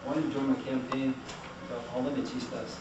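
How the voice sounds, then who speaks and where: A man's voice: medium pitch, little pitch movement, fairly quick, muffled recording. A man giving a classroom lecture, explaining patiently and putting questions to the class. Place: lecture room. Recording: very echoey, distant, noisy room recording.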